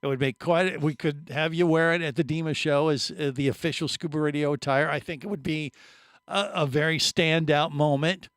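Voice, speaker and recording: A man's voice: a little high, steady tone, fairly quick, a bit bright, clean tone, dry recording. A man hosting a radio show in a studio, joking with his co-hosts in casual banter. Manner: teasing, chuckling, trails off mid-sentence.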